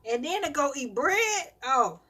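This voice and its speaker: A mother live-streaming, telling animated stories about her children in a casual rant and laughing often. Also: high voice, a little slow.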